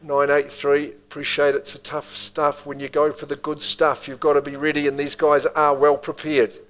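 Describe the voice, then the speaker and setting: A man's voice: fairly high pitch, monotone, moderate pace, fairly bright tone, poor audio. A man with a New Zealand accent calling bids at a live property auction, with rhythmic bid calls and chatty asides to the room.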